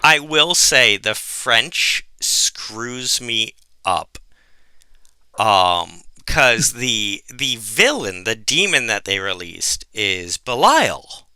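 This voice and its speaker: A man co-hosting a podcast in casual chat, animated and laughing as he tells stories. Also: lowish voice, very slow, clean tone, no echo. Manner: mimics voices in quoted anecdotes. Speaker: podcast co-host.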